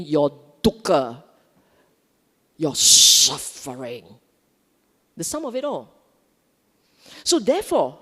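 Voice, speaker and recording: Woman, Singaporean English accent, dharma talk, very lively pitch, echo of a long hall. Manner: lively, animated, asks the audience questions. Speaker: Dhamma speaker. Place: Buddhist centre hall.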